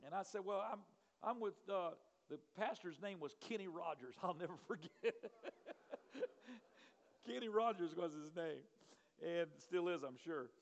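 A man pastor telling a story in a sermon, acting out what people said and shouting at the peaks. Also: sits high, a little slow, in a large hall. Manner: animated, acts out quotes, shouts at peaks.

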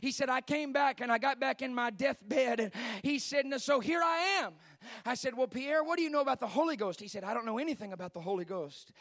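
High-voiced preacher telling a story. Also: male voice, quick pace, hardly any pauses, dry recording, studio quality. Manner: animated, swings from quiet retelling to shouted climaxes. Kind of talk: sermon storytelling.

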